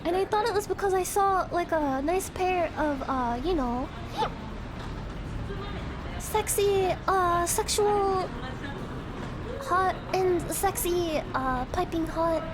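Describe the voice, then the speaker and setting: A woman's voice: very high-pitched, slow, noisy background. A woman streamer in a casual chat, rambling and giggly, swearing freely.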